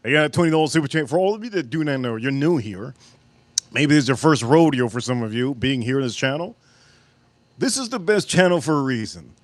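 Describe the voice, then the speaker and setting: Animated and a little fast, a man with a medium-pitched voice runs a livestream for his cooking and whiskey channel. He jokes and wanders into tangents as he reads viewer messages and thanks people, with no echo in the recording.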